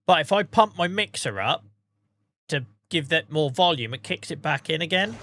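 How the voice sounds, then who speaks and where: Man, game streamer, tired, self-mocking rambles, cheerful swearing, bright sharp tone. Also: fairly high pitch, expressive, normal speed. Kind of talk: casual live-stream chat.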